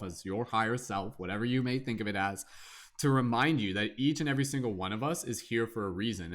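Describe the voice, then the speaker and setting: A man's voice: lowish voice, a bit bright. Young guy doing a tarot stream, reads the card then just chats, says like a lot. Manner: casual, chatty, frequent "like", reads card text aloud. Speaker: tarot reader. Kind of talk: live-stream tarot reading.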